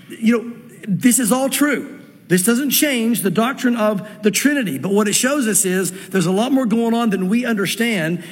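A man preaching a sermon to a church audience. He reads scripture slowly and then explains it in quick asides. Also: high-pitched, slightly rough, big-room sound. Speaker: pastor.

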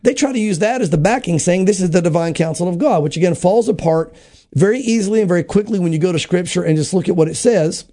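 Pastor guy explaining bible stuff on a podcast, fairly high voice but soft mellow tone, jumps into little character voices, lots of restarts. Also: quick pace. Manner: acts out biblical dialogue in quoted voices, many restarts. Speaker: pastor, show regular. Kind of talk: Bible teaching in a podcast conversation.

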